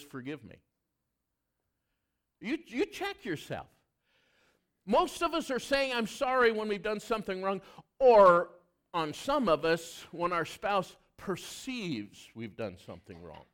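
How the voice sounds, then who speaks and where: A man preaching a sermon, asking the congregation questions and dropping from loud emphatic lines to hushed asides. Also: sits high. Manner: asks the congregation questions directly. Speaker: pastor.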